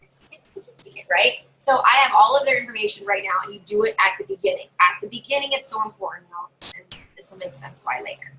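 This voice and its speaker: A woman's voice: on the high side, lively intonation, a little fast, few pauses, pushed and bright, slight background noise, rough recording. A woman giving casual how-to tips to camera as a party sales consultant, chatty and bossy, talking from her desk at home. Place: home desk with a drawer and her dog nearby.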